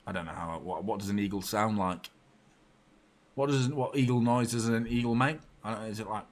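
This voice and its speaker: A male football fan who hosts a fan channel gives live watchalong commentary on a match. He's excitable and sweary, jumping between shouting and low muttering.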